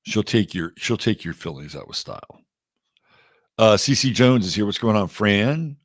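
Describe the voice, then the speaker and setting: A man's voice: on the low side, very animated, normal speed, dry recording, clean studio sound. A middle-aged man from Texas hosting an astrology livestream, chatting loosely and greeting viewers by name. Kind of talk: casual livestream chat.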